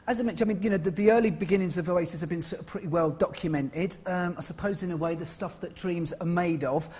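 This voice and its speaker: A man's voice: high-pitched, fast, a little mellow, breathy edge. A man hosting a television interview, asking his questions hesitantly with many fillers.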